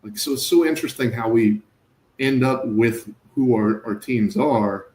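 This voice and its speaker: A man in his thirties talks sports on a podcast in a relaxed, reflective way, letting phrases trail off. His voice sits at a middle pitch and rings in an echoey room. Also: a little slow. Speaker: podcast co-host. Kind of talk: casual sports chat.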